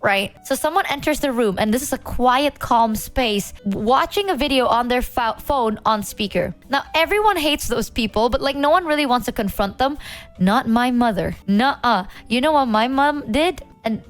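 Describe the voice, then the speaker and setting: A woman streamer telling a story in an animated, slangy, exaggerated way. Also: a little high, moderate pace, faint music behind. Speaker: VTuber streamer.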